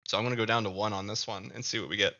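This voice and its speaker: A man with a Midwestern accent rambles casually to his stream audience, often stalling and repeating words mid-thought. His voice sits somewhat low, with a bright, forceful edge. The sound is muffled and lo-fi. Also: fairly even intonation. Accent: Midwestern American. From American Midwest. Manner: halting, repeats words while thinking aloud. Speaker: live streamer and comic creator. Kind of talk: casual live-stream chat.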